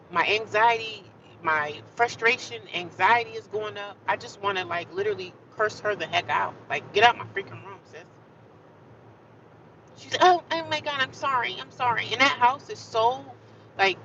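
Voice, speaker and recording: A woman tells a long, animated story on a casual livestream and keeps circling back to the same points. Her voice is bright and sharp. She sounds a bit distant on a dull mic, with faint traffic noise from the city around her. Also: mid-range voice. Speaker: vlogger.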